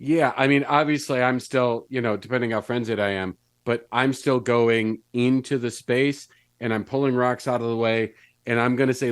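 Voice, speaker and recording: A man's voice: medium pitch, fairly even intonation, normal speed, clear, resonant tone, no echo. Dry-miked man speaking in character. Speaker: player. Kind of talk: casual tabletop role-play.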